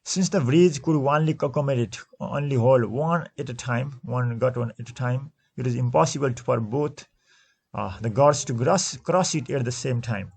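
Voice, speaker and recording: A male teacher going over textbook exercise answers slowly, repeating and correcting himself as he explains. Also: medium pitch, gravelly, darkish tone, husky. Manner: slow, repetitive, restates answers with frequent self-corrections. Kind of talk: classroom lesson going through textbook exercises.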